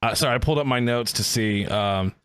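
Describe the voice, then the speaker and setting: A young man co-hosting a casual podcast, animated and full of casual slang. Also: medium pitch, brisk, clean tone. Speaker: podcast co-host.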